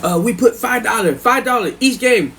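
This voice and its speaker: A tall, aggressive inmate , as a man puts him on, barks in a raised, pushy voice full of street slang. He is loud and brash, with no patience. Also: very high voice, moderate pace, slight background noise, pitched above the performer's own voice.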